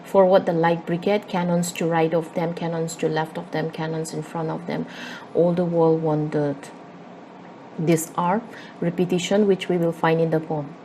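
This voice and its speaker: A woman with a Manipuri English accent teaches a poem in an explanatory lesson, pausing often on fillers and repeating herself. Her voice sits slightly low and sounds mellow and soft-edged, with a faint hiss of background noise. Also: little pitch movement, poor audio. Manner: explanatory, with frequent fillers and repetitions. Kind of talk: classroom-style literature lesson.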